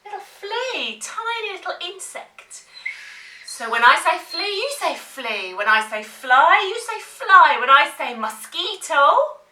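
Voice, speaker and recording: A woman leading a child through a playful drama warm-up, coaxing and encouraging. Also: very high voice, big pitch swings, a little slow, far from the mic. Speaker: drama teacher. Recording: roomy, from off the mic.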